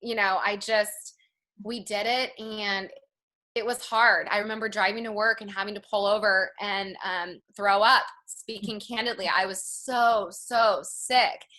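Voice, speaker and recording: A woman in her thirties telling her personal story in an interview, earnest and reflective, often slow and emotional. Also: medium pitch, steady tone, bright, forceful tone. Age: 30s. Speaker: interview guest.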